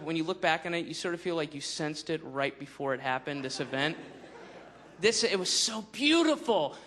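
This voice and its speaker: A man telling a rambling stand-up story, animated and laughing at his own jokes. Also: high voice, slight background noise. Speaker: stand-up comedian.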